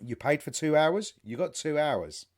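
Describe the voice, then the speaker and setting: A British man in casual podcast chat, his voice sitting fairly high and swinging widely in pitch. He talks in an animated way, laughs often and swears freely. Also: moderate pace. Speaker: podcast co-host.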